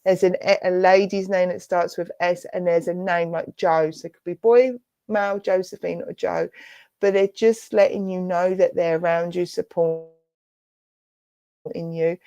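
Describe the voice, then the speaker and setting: An English woman giving a gentle, reassuring clairvoyant reading as a spiritualist medium during an online church service. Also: lowish voice, level tone, unhurried, smooth, no echo. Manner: soft, reassuring, affectionate, addresses listener as darling and lovely.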